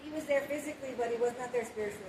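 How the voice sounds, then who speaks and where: A woman's voice: high voice, very fast, darkish tone. A woman casually chiming in to finish her husband's sentences. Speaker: wife adding to the story. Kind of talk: casual chat. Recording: echoey room, voice off-mic, background hiss.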